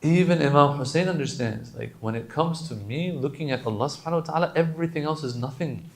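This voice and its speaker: A male preacher giving a sermon, switching between quick Arabic recitation and relaxed English explanation. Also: on the high side, vocal fry. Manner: chants Arabic lines rapidly then explains in casual English.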